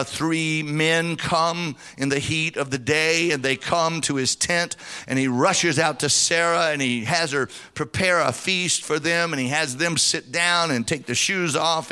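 Bright-voiced preaching pastor, sing-song. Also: male voice, on the high side, clean tone. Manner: fervent, sing-song preaching with call-and-response. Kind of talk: sermon.

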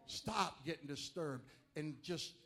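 Animated preaching man. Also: a little high, slow, gravelly. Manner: animated, swings from quiet asides to loud emphatic preaching. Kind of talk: sermon.

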